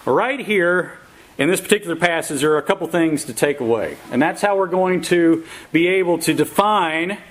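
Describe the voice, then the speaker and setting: A man delivers a sermon in an easygoing, folksy manner. His voice sits a little high, and he leans on fillers and small chuckles along the way. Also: lively intonation, moderate pace, fairly bright tone, low-quality recording. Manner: folksy, chuckles at own jokes, many fillers. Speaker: pastor. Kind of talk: sermon with opening jokes.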